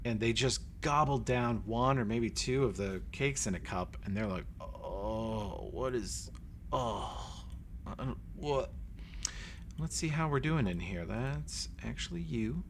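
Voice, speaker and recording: A man's voice: mid-range voice, animated, moderate pace, gravelly, few pauses, a bit bright, slight background noise. A man running a tabletop game as game master, narrating scenes vividly and acting out sounds. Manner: vivid, acts out sounds and voices.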